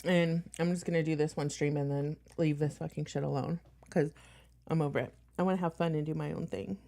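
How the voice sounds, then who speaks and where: A woman's voice: low-pitched, steady tone, fairly quick, vocal fry, mellow. A woman streamer talking bluntly and profanely in a casual reaction stream.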